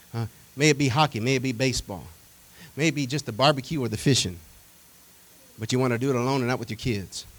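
A male preacher delivering a sermon in a folksy, conversational way, animated and full of repetition and rhetorical questions to the congregation. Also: mid-range voice, slightly rough, rough recording.

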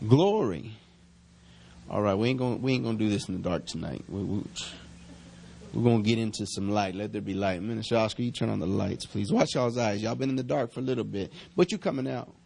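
A man, a pastor praying and preaching to his church with fervent, drawn-out calls. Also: on the low side, gravelly, darkish tone, a little hiss or hum. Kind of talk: sermon and prayer. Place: church sanctuary.

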